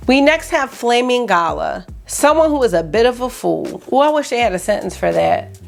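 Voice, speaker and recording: A woman vlogger chatting excitedly through a makeup swatch review, rambling with lots of asides. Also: fairly high pitch, normal speed, vocal fry, faint music behind. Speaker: beauty vlogger.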